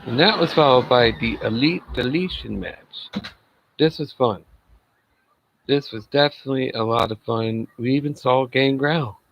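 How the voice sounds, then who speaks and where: A man's voice: medium pitch, a little slow, lo-fi sound. A man giving a casual solo review of a wrestling show, chatty and laughing at his own jokes.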